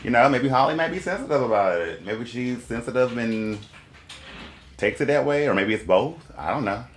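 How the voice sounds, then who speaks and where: A man hosting casual gossip commentary, chatty and animated, laughing often and slipping into quoted voices as he reacts to clips. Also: medium pitch, normal speed, reverberant, slight background noise.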